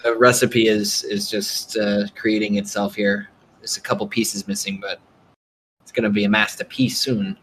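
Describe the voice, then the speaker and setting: A man hosting a casual gaming chat, talking in an animated, rambling way with lots of fillers. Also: lowish voice, normal speed, slight background noise, rough recording. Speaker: podcast host.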